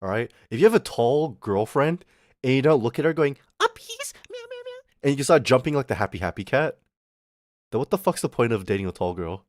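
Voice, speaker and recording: A man's voice: medium pitch, expressive, fairly quick, darkish tone, no echo, studio quality. Rambling profane young man. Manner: rambling, profane, laughing often. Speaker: streamer. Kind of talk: casual livestream chat.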